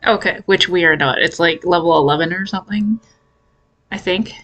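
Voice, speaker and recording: A woman's voice: fairly low pitch, normal speed, fairly bright tone, soft background music. A woman playing in a tabletop game, tentative and unsure as she talks. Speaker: tabletop player. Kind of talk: casual game chat.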